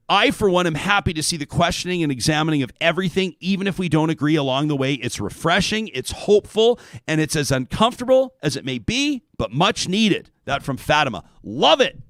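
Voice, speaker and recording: A man hosting a talk show, chatting casually and reading listener emails aloud in an animated way. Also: on the high side, a little fast, no room sound, studio quality. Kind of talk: radio talk show monologue.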